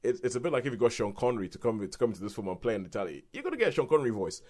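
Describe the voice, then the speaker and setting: A British man co-hosting a podcast, reviewing films in a rambling, animated way with restarts and laughs. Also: medium pitch, rapid-fire. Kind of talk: casual film review chat.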